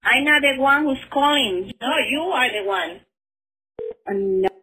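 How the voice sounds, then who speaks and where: Brief: woman, high and sharp-toned voice, keeps repeating accusations in clipped, non-standard English. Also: animated, unhurried, husky, low-quality recording. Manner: repeats accusing questions, broken English phrasing. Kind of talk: prank call soundboard clips.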